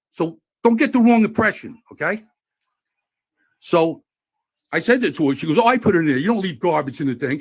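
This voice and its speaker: Angry guy ranting at a post office, high voice that jumps all over, keeps cutting people off. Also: husky. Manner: loud, combative, talks over others, lots of repetition. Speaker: plumber filming a confrontation at a post office. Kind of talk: heated argument while filming. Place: indoors at a post office counter.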